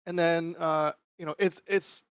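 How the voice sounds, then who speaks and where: A man's voice: fairly high pitch, steady tone, a little slow, fairly bright tone, clear, resonant tone, no room sound, clean studio sound. A man co-hosting a live show in casual chat, thinking aloud in a tentative way. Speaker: co-host, photographer.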